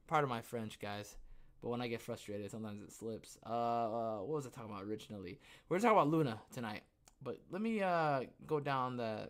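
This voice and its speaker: A young man hosting a casual livestream podcast, rambling and joking, who bursts into loud, excited outbursts. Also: medium pitch. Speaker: podcast host.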